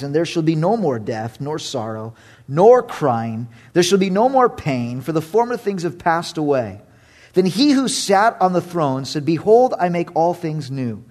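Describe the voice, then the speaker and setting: High-voiced, animated preacher man. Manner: animated, humorous, shifts from loud exclamations to hushed asides. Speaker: pastor. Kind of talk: sermon.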